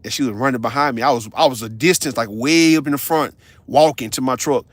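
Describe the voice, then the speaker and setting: A man, ranting on a casual livestream in a blunt, profane, animated storytelling way. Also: medium pitch, fast, dry recording. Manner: blunt, confrontational.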